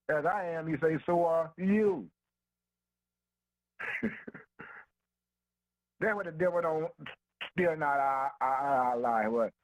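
A man's voice: a little high, no echo, highs cut off. A man preaching a sermon in a rhythmic, emphatic way, asking himself "what?" and answering, and dropping "man" and "boy" between phrases in informal dialect. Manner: informal dialect speech with "ain't no".

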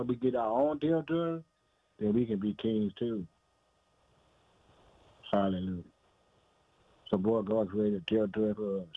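A man preaches in a repetitive, emphatic way, calling out "man" and "boy" between his phrases. His voice sits in an ordinary middle pitch. The sound is thin and phone-like, with no room echo. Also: slightly rough. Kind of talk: sermon. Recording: dry, phone-like narrow sound.

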